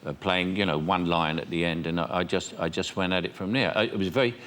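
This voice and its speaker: Older man telling bright, chuckling anecdotes. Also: low voice, steady tone, fast, a little hiss or hum. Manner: chatty storyteller, quoting dialogue, laughing often. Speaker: guest. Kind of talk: talk show anecdotes.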